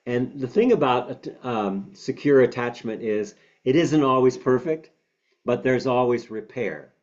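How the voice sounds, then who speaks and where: A man's voice: medium pitch, a little mellow. A man with a bitten tongue who gives a reflective teaching talk as a meditation teacher and talks with hesitant fillers and restarts. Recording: slightly dull lo-fi audio.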